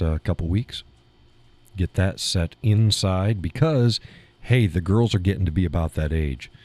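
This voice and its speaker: Male live-stream host, low and husky; loose rambling chat with frequent chuckles, small home studio. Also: warm tone.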